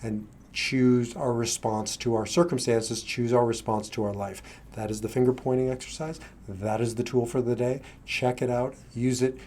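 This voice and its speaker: A man's voice: medium pitch, steady tone, moderate pace, hardly any pauses, a little mellow, a little hiss or hum. Earnest middle-aged man coaching. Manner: earnest, conversational, acts out his own side of an argument. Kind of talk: motivational talk to camera.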